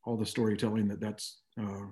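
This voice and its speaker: Mellow low-voiced reflective man. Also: flat delivery, brisk. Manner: reflective, with many "you know" asides. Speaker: guest. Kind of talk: conversational interview.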